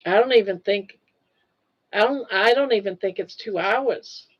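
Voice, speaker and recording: A woman's voice: medium pitch, measured pace, slightly rough, dull audio. An older woman from Maine with a Down East accent, chatting casually on a livestream from her couch, laughing easily as she answers viewers. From Portland, Maine. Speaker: livestream host. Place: home couch. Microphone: phone.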